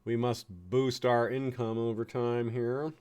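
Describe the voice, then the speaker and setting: A man's voice: mid-range voice, fairly even intonation, slow pace, a little mellow, clean tone. A man from the United States giving chatty, chuckling commentary on a strategy game, fond of puns. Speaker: game streamer.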